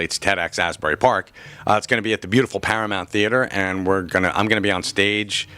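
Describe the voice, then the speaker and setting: A man's voice: low voice, pushed and bright, clear, resonant tone. A man working in a comic shop, answering interview questions in a chatty, joking way, with frequent restarts. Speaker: comic shop worker and podcaster.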